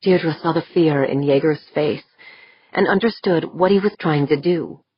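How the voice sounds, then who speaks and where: Low, husky woman narrator. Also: measured pace, dry recording. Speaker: audiobook narrator. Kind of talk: scripted narration. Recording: dull, muffled audio.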